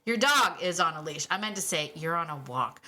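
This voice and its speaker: A middle-aged woman hosting a casual solo podcast about dogs, animated and quick to act out what dogs might say, laughing often. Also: lowish voice. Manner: animated, acts out dogs' voices, laughs often. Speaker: podcast host and dog trainer.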